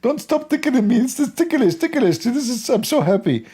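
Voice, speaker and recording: A man mockingly voicing a giddy male deity, in a high, squealing, breathless voice full of giggles. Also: sing-song, moderate pace, dark tone, slightly rough, heavily acted.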